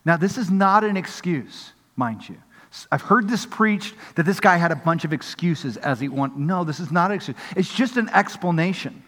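A man's voice: a little high, expressive, moderate pace, fairly bright tone, big-room sound. A man preaching a sermon as pastor, acting out the voices of people in the story.

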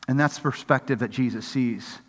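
A man's voice: mid-range voice, fairly quick, big-room sound. A man preaching a sermon as pastor, acting out the voices of people in the story.

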